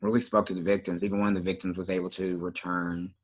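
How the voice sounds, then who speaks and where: A man co-hosting a podcast in casual chat, relaxed and often trailing off with fillers. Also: low-pitched, quick pace. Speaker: podcast co-host.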